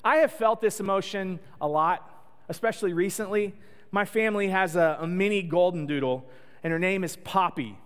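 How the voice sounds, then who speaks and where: A man's voice: sits high, normal speed, clear, resonant tone. A man preaching a sermon in a conversational, joking storytelling way. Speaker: pastor. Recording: long echo of a large hall.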